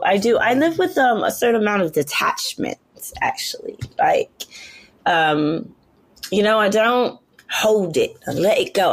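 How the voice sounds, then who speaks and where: Chatty Brooklyn woman, loose and rambling. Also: lowish voice. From Brooklyn, New York. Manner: loose, rambling, laughs often, fillers like "you know". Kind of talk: casual chat.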